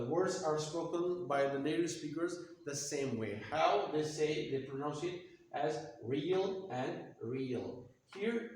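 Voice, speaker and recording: Male teacher, deliberate halting delivery, raised pitch, very reverberant room. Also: darkish tone. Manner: deliberate, hesitant with many fillers. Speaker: English teacher. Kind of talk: whiteboard lesson on pronunciation. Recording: very echoey room.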